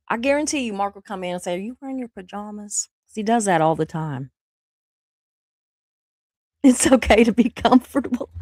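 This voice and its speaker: A middle-aged woman with the flu hosts a casual livestream chat, rambling and laughing often as she reads out viewer comments. Her voice is mid-range, and the studio-quality recording has no echo.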